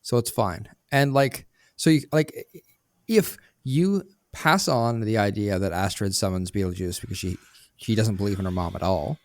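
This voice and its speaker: A man's voice: lowish voice, moderate pace, dry recording, studio quality. A man co-hosting a film review podcast, talking casually, blunt and opinionated. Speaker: podcast co-host.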